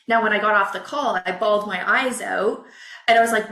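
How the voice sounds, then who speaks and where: A woman coach, a podcast guest, telling a personal story in a candid, emotional, expressive way. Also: mid-range voice, brisk, reverberant.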